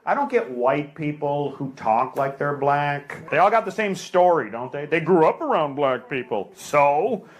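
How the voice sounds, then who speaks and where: A man's voice: on the high side, animated, a little slow, hardly any pauses. A man doing a stand-up comedy set on a club stage, delivering dry one-liners and teasing the audience. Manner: crowd work, teasing the audience. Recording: loud noise over a live stage recording.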